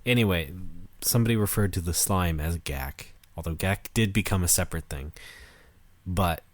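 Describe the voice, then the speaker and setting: A man with a lowish voice chatting on a podcast in a laid-back, wry way, swearing freely. He is recorded dry and close. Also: moderate pace, no echo. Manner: laid-back, profane, wry, reads quotes aloud. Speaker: podcast co-host. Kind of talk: casual chat.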